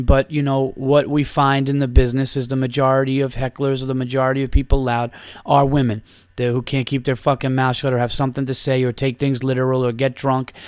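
A man's voice: medium pitch, no room sound, clean studio sound. A man hosting a podcast, telling a rambling, profane story in a casual monologue full of restarts. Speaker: podcast host and stand-up comedian.

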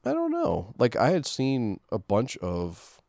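A man's voice: mid-range voice, huge pitch swings, unhurried, gravelly, a little mellow, no room sound, studio quality. A man co-hosting a casual movie commentary podcast, talking hesitantly with many fillers. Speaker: podcast co-host.

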